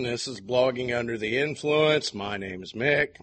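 A man's voice: mid-range voice, moderate pace, a bit bright, soft background music. An American man hosting a casual podcast, joking crudely and laughing easily. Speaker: podcast host.

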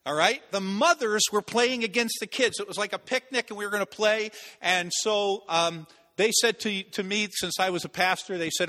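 A man preaching a sermon as pastor, telling a personal story with animated delivery, acting out voices and shouts. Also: sits high, moderate pace, few pauses, in a large hall.

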